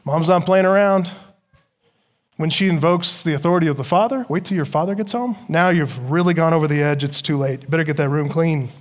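Emphatic high-voiced male pastor preaching. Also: steady tone, brisk. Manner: emphatic, rhetorical questions, shifting loud and soft. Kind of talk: sermon.

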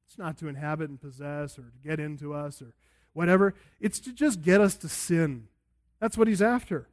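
A man preaching an expository sermon as a pastor, emphatic and swinging between loud and hushed delivery. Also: high-pitched.

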